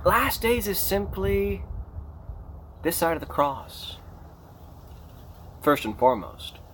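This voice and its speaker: A man preaching an unscripted sermon, emphatic and animated, rising to near shouts on key points. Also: sits high, slow, a little hiss or hum. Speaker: pastor.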